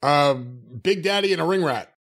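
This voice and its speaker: A man's voice: a little high, lively intonation, normal speed, a bit bright. A middle-aged man co-hosting a podcast, chatting casually with dry, wry quips. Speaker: podcast co-host. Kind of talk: casual chat.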